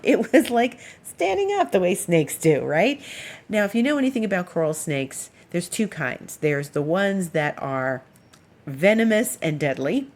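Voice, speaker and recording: A woman astrologer telling a personal story in a chatty, expressive, rambling way. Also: sits low.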